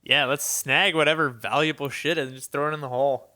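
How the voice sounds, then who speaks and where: A man's voice: a little high, fairly even intonation, a little fast, sharp tone. A man playing a tabletop game, playful and giggly. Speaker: player.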